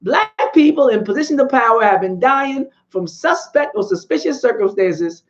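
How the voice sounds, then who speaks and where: A woman hosts a casual history live stream, greeting her chat as she goes. Her voice sits fairly high and bounces between excited peaks and low asides. The sound is dull and lo-fi. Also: normal speed, few pauses. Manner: animated, chatty, greets viewers in the chat.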